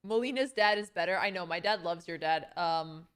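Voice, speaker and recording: A woman's voice: on the low side, moderate pace, fairly bright tone, clear, resonant tone. A young woman hosting a livestream, chatting casually with a friend and greeting and thanking her viewers as she goes. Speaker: streamer host.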